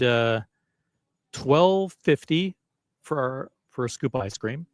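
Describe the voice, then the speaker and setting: A man's voice: medium pitch, dry recording, clean studio sound. A man hosting a casual live stream, rambling and self-deprecating as he chats with viewers. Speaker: livestream host.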